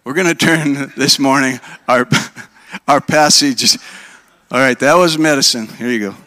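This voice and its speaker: A man's voice: medium pitch, unhurried, pushed and bright, no room sound. Conversational pastor in his sixties preaching. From Minnesota, US. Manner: conversational, asks the audience questions. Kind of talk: sermon.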